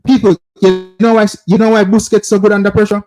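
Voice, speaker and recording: A man's voice: high-pitched, level tone, fairly quick, darkish tone, soft background music. A man with a Jamaican accent hosting a football call-in show, insistently breaking down plays over footage and calling out to viewers. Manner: repetitive, insistent, keeps addressing viewers as people.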